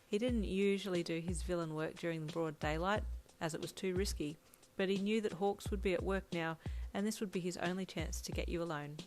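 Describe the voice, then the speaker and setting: A woman narrating a fan story in the second person, with gentle, even storytelling. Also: on the low side, fairly quick, faint music behind. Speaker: fanfiction narrator. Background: lo-fi drum loop.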